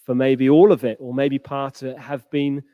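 A man's voice: little pitch movement, normal speed, no echo, big-room sound, phone-quality sound. A man preaching a sermon, retelling a parable and acting out the quoted characters. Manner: acts out quoted characters with rising pitch.

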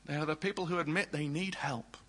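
A male preacher delivering a sermon with earnest conviction. His voice is bright and forward with a husky edge, and he often sinks into quiet, hushed phrases. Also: on the high side, steady tone, a little fast, low-quality recording. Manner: earnest, drops to soft hushed tones for tender lines.

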